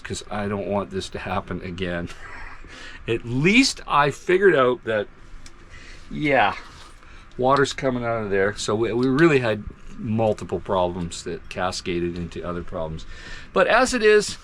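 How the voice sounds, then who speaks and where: A man's voice: fairly low pitch, slight background noise. A man in a chatty, self-mocking vlog, walking viewers through his motorhome and laughing often. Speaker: RV vlogger. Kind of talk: casual vlog walkthrough. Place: inside a motorhome.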